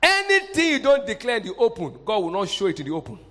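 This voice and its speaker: A male pastor preaching a fervent sermon, jumping from loud shouts down to quiet asides. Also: sits high, huge pitch swings, quick pace. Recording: hall reverb.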